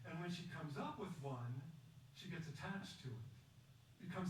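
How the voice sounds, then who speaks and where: A man giving a prepared public talk, measured and emphatic, telling a story and asking rhetorical questions. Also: a little high, expressive. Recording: echoey distant recording with faint background noise.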